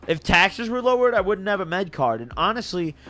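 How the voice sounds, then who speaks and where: A man's voice: sits high, fairly quick. A young man, intoxicated, telling a story on a stream in a casual, slangy way and laughing as he goes. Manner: animated, slangy, laughs through his story.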